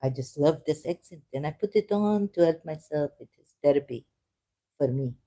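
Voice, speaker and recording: A woman's voice: sits low, animated, normal speed, warm tone. A woman giving casual, sarcastic commentary while reading aloud from a screen. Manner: sarcastic, mocking. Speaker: video creator.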